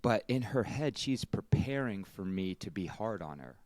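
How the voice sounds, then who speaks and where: A man with a deep, low-pitched voice talks in a relaxed, reflective way, often stumbling over and repeating his opening words. The sound is dry and close, with no room echo. He comes across as a podcast guest in casual conversation. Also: normal speed. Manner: reflective, repeats words when starting sentences.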